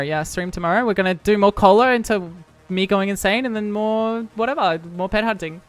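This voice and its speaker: A young woman talks to her stream chat in a loose, playful ramble. She jumps from topic to topic and jokes at her own expense, while soft music plays quietly behind her. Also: mid-range voice, a little fast. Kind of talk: casual live-stream chat. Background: faint music.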